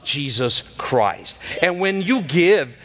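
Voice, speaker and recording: High-voiced excitable man preaching testimony. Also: slow pace. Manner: excitable storyteller, acts out dialogue, laughs mid-sentence. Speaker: guest speaker at church, cardiologist. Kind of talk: testimony sermon to a congregation.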